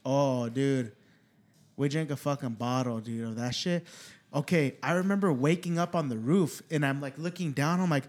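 A man's voice: mid-range voice, normal speed, darkish tone. A young man hosting a casual podcast, telling rowdy stories full of swearing. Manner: loose, profane storytelling, swears constantly. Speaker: podcast host. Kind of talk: casual chat.

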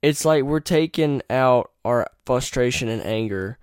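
A man's voice: medium pitch, unhurried, darkish tone, clear, resonant tone, no echo, studio quality. A young man hosting a podcast, telling rambling, profane stories and giving blunt opinions in a casual monologue. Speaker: podcast host.

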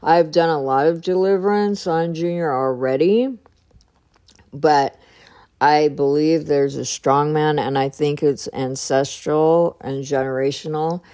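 A woman telling a personal story in a casual way, often pausing and hunting for the right words. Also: low voice, warm tone. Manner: hesitant, searching for words.

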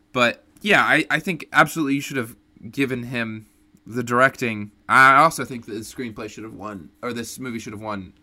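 A man co-hosting a casual film podcast, emphatic and quick to react. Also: mid-range voice, bright, forceful tone. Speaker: podcast co-host.

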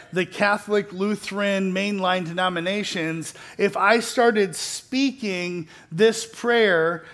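A middle-aged man with a fairly high voice delivers a sermon as a pastor. He talks casually and pokes fun at himself, with easy restarts and a chuckle here and there. Then he leans into points with earnest emphasis. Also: a bit bright. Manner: conversational, self-deprecating, with restarts and light laughs.

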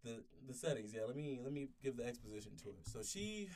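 This man in his twenties, a podcast storyteller, spins a long, rambling story in casual conversation, swearing and frequently restarting. He talks fast at medium pitch with a sing-song, darkish tone. His voice sits far back from the mic, with slight background noise.

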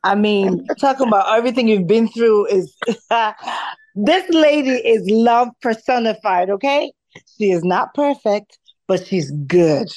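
A woman's voice: medium pitch, darkish tone, no room sound. Woman caller, fervent, preacherly, dry sound, video call. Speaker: caller, friend. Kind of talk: casual chat on a video call.

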